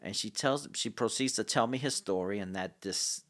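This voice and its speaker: Podcast guest: middle-aged man, very low voice, halting storyteller. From Louisiana, USA. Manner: halting, many restarts and fillers, grows excited. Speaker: podcast guest, city public relations director. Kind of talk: storytelling in casual conversation.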